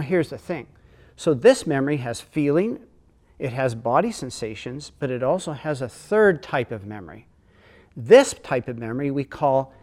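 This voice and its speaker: A man explaining emotional memory and trauma, earnest and storytelling. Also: fairly high pitch. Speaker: teacher.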